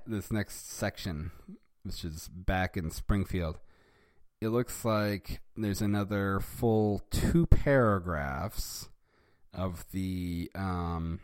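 Wry male host reading fan fiction aloud with amused asides, low voice, dry close sound. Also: a little mellow, clear, resonant tone, no echo. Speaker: reader and host. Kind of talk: casual reading with wry commentary.

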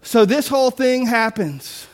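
A man's voice: very high-pitched, animated, measured pace. A man preaching a sermon in a conversational way, acting out the people he describes. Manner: conversational preaching with mock-quoted voices and asides. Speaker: pastor.

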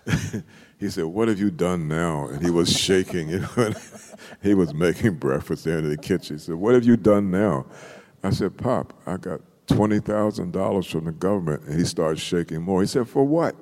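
A man's voice: deep voice, normal speed, in a large hall. An older man, a poet, telling stories from his life in an interview, acting out quotes and laughing as he goes. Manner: animated storyteller, acts out quotes with laughter. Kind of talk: storytelling in an interview.

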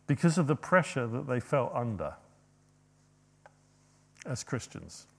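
A man preaching a sermon, rising to loud, emphatic quoted passages and dropping to quiet asides. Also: mid-range voice, very animated, unhurried, gravelly.

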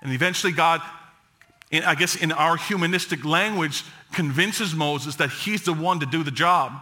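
Bright-voiced, dramatic male preacher. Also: normal speed. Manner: dramatic preaching, drops low and soft for quoted words of God; joking with the congregation. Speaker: pastor. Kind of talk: sermon.

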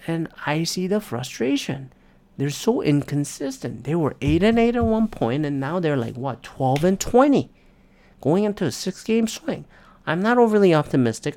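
A man hosting a solo sports podcast, ranting in frustration with heavy swearing and sudden loud outbursts. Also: fairly high pitch. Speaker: podcast host.

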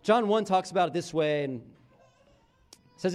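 A man preaching a sermon as pastor, talking casually with restarts, his phrases often dropping low and quiet at the end. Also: animated, measured pace, pauses often.

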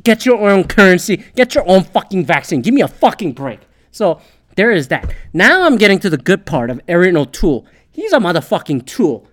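A Canadian speaker ranting about politics, swearing constantly, rambling and sarcastic. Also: mid-range voice. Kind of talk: profane political rant.

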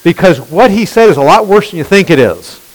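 A man's voice: high-pitched, fairly quick, rough recording. A male pastor preaching a sermon, emphatic and constantly questioning his listeners. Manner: animated, questioning the congregation, emphatic.

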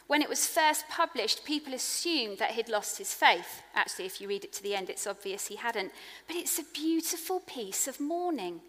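A woman preaching a sermon in an earnest, personal way, growing hushed on tender points. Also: a little high, lively intonation, normal speed. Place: church hall. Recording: long echo of a large hall.

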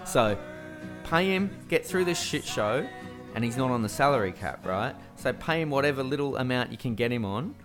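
A man's voice: mid-range voice, expressive, normal speed, a bit bright, faint music behind. A man with an Australian accent co-hosting a casual podcast chat, ranting and swearing freely. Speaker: podcast co-host.

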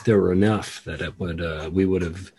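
A man hosting a podcast in a casual, rambling chat, keeping his voice down and trailing off quietly. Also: low voice, steady tone, moderate pace, slight background noise. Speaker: podcast host. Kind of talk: casual conversation.

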